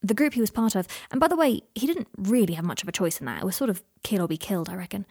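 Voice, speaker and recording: A woman voicing a caring, steady young man who talks quietly and gently in a read-aloud story. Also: mid-range voice, racing, slightly rough, no echo, studio quality.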